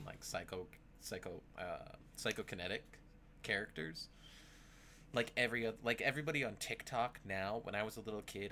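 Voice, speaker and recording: A man's voice: on the low side, fairly bright tone, a little hiss or hum. A man streaming a casual reaction to a video, rambling and goofy, with jokey outbursts.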